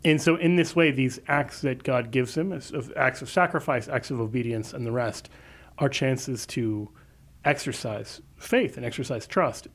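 A man from the Kansas City area speaks as a guest in a radio studio. He answers callers' questions with fluent, well-ordered explanations, sometimes speeding up. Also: medium pitch. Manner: fluent explanatory, quick bursts. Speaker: apologist guest.

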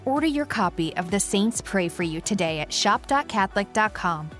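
A woman's voice: medium pitch, lively intonation, moderate pace, fairly bright tone. Upbeat woman reading an ad over music. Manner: polished, upbeat ad read. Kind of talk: read advertisement. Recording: music bed behind voice.

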